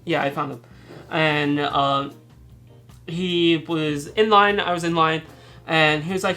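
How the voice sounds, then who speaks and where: A woman's voice: deep voice, fairly even intonation, slow pace, long pauses, a bit bright. A woman hosting a casual haul vlog, chatty and rambling, laughing often and restarting her words. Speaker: channel host showing thrift finds.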